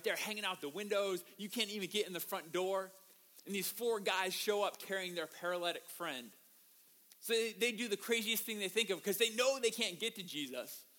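A man pastor delivering a sermon in a high, bright, forceful voice. He tells stories with animation and keeps turning to the congregation with rhetorical questions. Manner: animated storytelling, asks the audience rhetorical questions.

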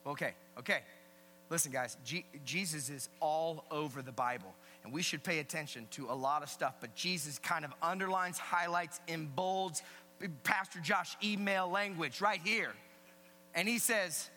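A man preaching a sermon as a pastor, emphatic and animated, swinging between loud emphasis and hushed asides. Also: fairly high pitch, moderate pace. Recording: long hall reverb with faint mains hum.

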